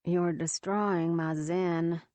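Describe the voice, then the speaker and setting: A woman voicing a calm young female friend who teases in a dry, unhurried way. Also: sits low, no echo. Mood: teasing.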